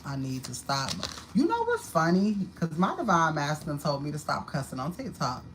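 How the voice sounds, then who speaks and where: A woman's voice: deep voice, big pitch swings, normal speed, a little hiss or hum, low-quality recording. A woman giving a live-streamed tarot card reading at home, talking in a blunt, profane and repetitive way. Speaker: tarot reader. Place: home apartment.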